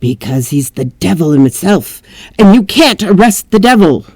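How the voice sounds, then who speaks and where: A woman's voice: fairly low pitch, very animated, normal speed, a little mellow, no echo, clean studio sound. A woman voicing an anxious, superstitious old housekeeper with an English accent, fretting and complaining. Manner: fretful, complaining.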